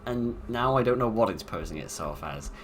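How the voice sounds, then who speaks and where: A man's voice: on the low side, expressive, normal speed, a bit bright, slight background noise. A British man giving casual, sarcastic commentary while playing a game, rambling from one joke to the next. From Britain. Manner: wry, sarcastic, rambling jokes. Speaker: let's-play host.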